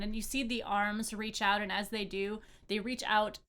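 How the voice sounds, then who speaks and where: A woman acting as game master, narrating a tabletop game with many pauses and fillers. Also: mid-range voice, little pitch movement, a bit bright, smooth. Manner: hesitant, many fillers and restarts.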